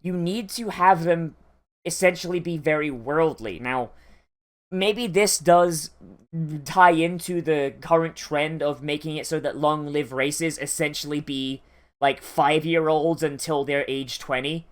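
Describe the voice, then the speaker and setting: Anime reviewer, casual reaction commentary, rambling, profane, lots of fillers, mid pitch. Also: measured pace.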